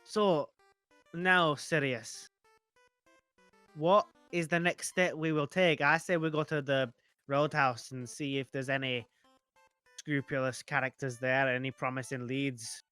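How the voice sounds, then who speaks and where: A man playing a tabletop role-play game, excitable and playful, jumping into character. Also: medium pitch, normal speed, clear, resonant tone, dry recording, faint music behind. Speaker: player, podcast host.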